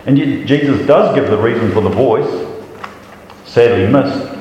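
In a large, echoey hall with long reverb, a man preaches a sermon in a conversational manner, often repeating words as he restarts and acting out the voices of doubters. His voice is medium-pitched, a little slow and mellow, and the lo-fi recording carries a little hiss or hum.

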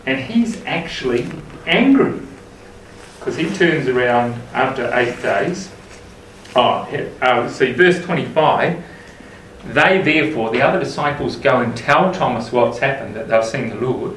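A man's voice: medium pitch, animated, a little slow, fairly bright tone, slight background noise. A man leading a group Bible study, talking casually and asking the group questions. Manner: conversational, asks the group questions. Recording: roomy, mic at a distance.

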